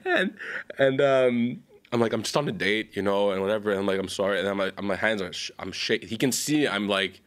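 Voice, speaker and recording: A young man with a lowish voice tells a long story on a casual podcast. He rambles, circles back and corrects himself, and he laughs easily. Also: very animated, a little fast, fairly bright tone. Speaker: podcast co-host.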